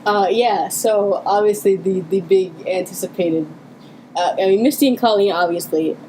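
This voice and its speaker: Woman co-host, enthusiastic fan chat, halting and chatty, faint room hum behind. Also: medium pitch, mellow, rough recording. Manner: chatty, many fillers and restarts, giggly. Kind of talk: casual podcast commentary.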